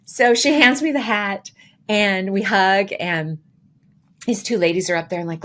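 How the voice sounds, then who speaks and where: A woman co-hosting a podcast, casually telling a story with lively, acted-out quotes. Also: medium pitch, normal speed. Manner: animated, acts out quoted dialogue with voices. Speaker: podcast co-host.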